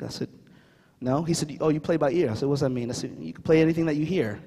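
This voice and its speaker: A keynote speaker in a large conference hall gives a motivational talk, telling a story, acting out the voices, and calling on the audience. His voice is on the high side, fast, with vocal fry, and the recording has a reverberant hall sound.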